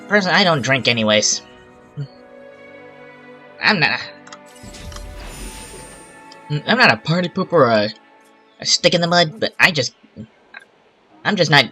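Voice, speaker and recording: A man's voice: medium pitch, pushed and bright. A man giving rambling casual commentary while playing a park-building game, with exasperated asides. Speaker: gaming channel host. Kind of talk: casual let's-play commentary.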